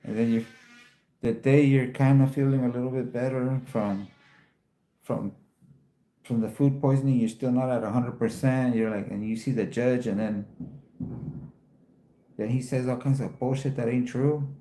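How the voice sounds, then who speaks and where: A man with a rough, gravelly voice and a dark, mellow tone chats loosely with his livestream viewers. He tells a profane story and jumps his pitch up whenever he acts out his own disbelief. The sound is roomy and echoey. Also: fairly even intonation, normal speed, long pauses. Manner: profane storytelling, voice jumps up when quoting himself. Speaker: livestream host. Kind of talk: casual livestream chat.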